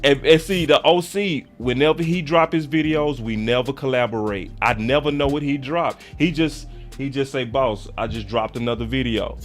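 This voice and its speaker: A man hosting a casual sports talk show, animated and swearing as he vents. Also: medium pitch, moderate pace, hardly any pauses, faint music behind. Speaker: host.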